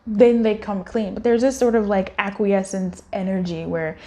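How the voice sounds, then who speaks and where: A woman's voice: mid-range voice, fairly even intonation, moderate pace, dark tone. A woman giving a casual, rambling tarot reading, with many fillers and small laughs. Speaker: tarot card reader.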